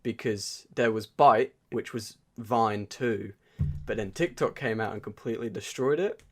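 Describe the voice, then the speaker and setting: A man co-hosting a podcast, chatting casually and quoting favorite lines and memes in lively bursts. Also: on the low side, a little slow, husky. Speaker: podcast co-host. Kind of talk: casual chat.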